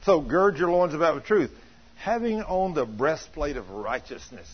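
An older man preaches in a loose, folksy way. He swings from quiet storytelling to loud emphatic lines. His husky voice sits a bit high and comes through a dull, lo-fi recording. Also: expressive, moderate pace. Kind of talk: sermon with personal storytelling. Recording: dull lo-fi sound.

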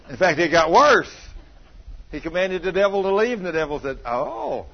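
A man preaching, telling a homespun story to his congregation, teasing them, dropping to a murmur and then rising to excited exclamations. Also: a little high, normal speed, creaky, a little hiss or hum. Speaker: pastor. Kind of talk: folksy storytelling sermon. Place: church sanctuary. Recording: muffled lo-fi church recording.

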